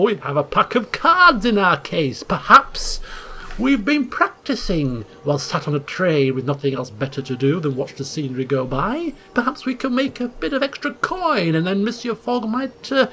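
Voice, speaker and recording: A man hosting a let's play, reading game text aloud with theatrical, chuckling commentary and hushed asides. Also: high-pitched, a little hiss or hum. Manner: theatrical, chuckling, swings between hushed asides and loud exclaims.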